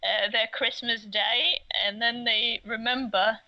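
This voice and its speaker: A woman on a podcast, recapping a plot slowly and haltingly with many uhs. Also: a little high, steady tone, bright, forceful tone. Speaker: podcast co-host recapping the episode. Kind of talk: casual chat. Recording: dull lo-fi sound.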